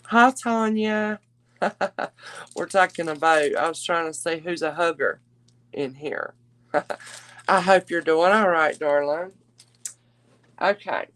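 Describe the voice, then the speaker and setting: A woman's voice: fairly low pitch, takes it slowly, long pauses, no room sound. A woman hosting a live-stream jewelry auction, chatting with viewers and calling them darling. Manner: chatty, warm endearments to viewers.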